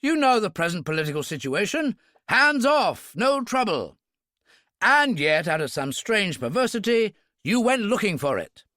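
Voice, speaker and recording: A man's voice: sits high, big pitch swings, moderate pace, pushed and bright, no echo, pitched above the performer's own voice, full character voice. A man voicing a weary, commanding older British brigadier in an audiobook, exasperated and dry.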